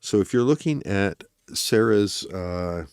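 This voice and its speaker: A man's voice: on the low side, expressive, slow pace, darkish tone, a little hiss or hum. A man hosting a true crime livestream, chatting casually and rambling as he talks to his viewers.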